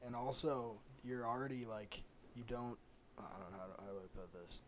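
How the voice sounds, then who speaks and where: A man's voice: mid-range voice, a little fast, slight background noise. Rambling, joking young man. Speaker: podcast co-host. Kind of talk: casual comedic chat.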